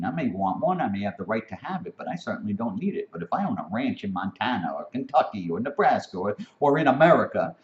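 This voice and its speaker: A man in a heated, profane rant, his voice swinging widely in pitch as it climbs toward a near-shout. The recording is dull and lo-fi. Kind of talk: impassioned spoken rant.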